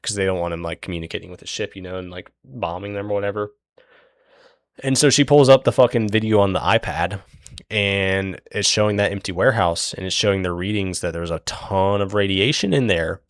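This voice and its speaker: A young man with a lowish, gravelly voice recaps a story in loose, meandering talk, swearing freely and leaning on fillers. The sound is dry and close, with no room around it. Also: fairly quick, dry recording. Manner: rambling, profane, many fillers. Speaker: book recap host. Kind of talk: casual plot retelling.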